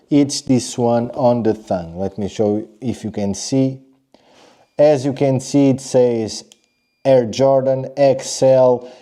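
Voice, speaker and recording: A young man casually reviewing sneakers, talking straight to his viewers and tagging his points with a quick "okay?". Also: medium pitch, mellow. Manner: chatty, direct address with frequent "okay?" and restarts.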